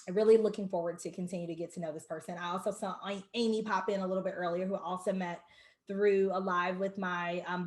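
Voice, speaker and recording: Woman hosting a live video party, gushy and emotional, greets everyone by name, echoey room. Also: medium pitch. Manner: warm, emotional, effusive, greets viewers by name. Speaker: host of an online launch party. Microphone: video call.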